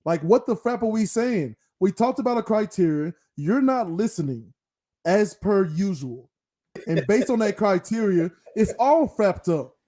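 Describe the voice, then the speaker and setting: A man's voice: high-pitched, animated, measured pace, warm tone. A man co-hosting a casual sports talk show, scolding and ranting in mock anger and swapping curses for a made-up word. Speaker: podcast co-host. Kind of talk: heated casual debate.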